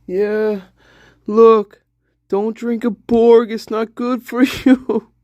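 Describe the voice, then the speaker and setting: A man's voice: very high-pitched, flat delivery, extremely slow, mellow, dry recording. A man host rambling through an erratic, crude solo monologue, often breaking into laughter. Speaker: channel host.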